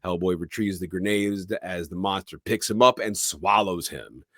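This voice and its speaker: Podcast co-host, male, lowish voice, dry close sound, casual plot recap. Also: fairly bright tone, dry recording. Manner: narrates the plot, reads quotes in a low slow voice.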